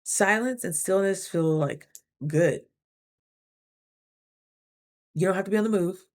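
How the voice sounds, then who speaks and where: A young woman vlogging casually, chatty and animated, acting out her own thoughts in quick asides. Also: fairly low pitch. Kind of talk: casual talking-to-camera vlog.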